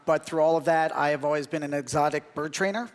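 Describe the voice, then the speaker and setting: High-voiced deadpan man on a comedy stage. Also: fast, long reverb tail, background noise. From Philadelphia, USA. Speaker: comedian ventriloquist. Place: large TV talent show stage. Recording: loud audience and ambience.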